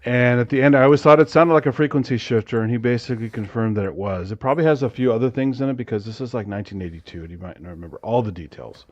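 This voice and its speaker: A man chatting on a livestream, quick to curse and grow frustrated when the tech fails. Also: mid-range voice, no room sound. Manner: profane, easily frustrated with tech. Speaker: co-host presenting film sound effects. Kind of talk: casual livestream chat. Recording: dull lo-fi dry audio.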